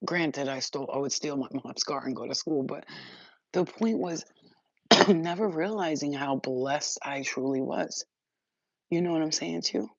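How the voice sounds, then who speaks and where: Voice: medium pitch, unhurried, no room sound. A spiritual livestream host in casual, profane chat who often acts out other people's voices. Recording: dull lo-fi dry sound.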